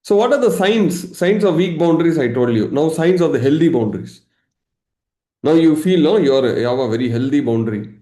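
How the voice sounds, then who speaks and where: A man teaching a live online session as a meditation coach, lively, acting out everyday examples and laughing. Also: a little high, fairly quick, echoey room. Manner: animated, acts out examples, laughs often.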